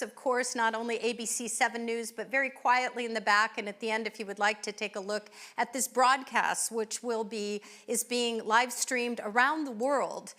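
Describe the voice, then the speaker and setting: A woman's voice: on the high side, bright, forceful tone. A woman hosting a live event, introducing guests with effusive thanks and frequent fillers. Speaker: event host. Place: winery event venue.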